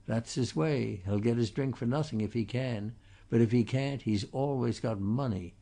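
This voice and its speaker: This is a talkative local gossip in an audiobook, put on by a man reading. He confides and scoffs in a dark, gravelly, husky voice. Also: mid-range voice, moderate pace. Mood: gossipy. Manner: chatty, confiding, scornful of others.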